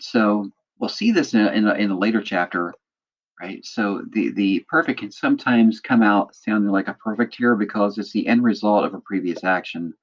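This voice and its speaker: A man's voice: on the low side, dull audio. A man teaching a lecture, explaining step by step and checking in with students by asking "right?" again and again. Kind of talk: recorded lecture walking through a text.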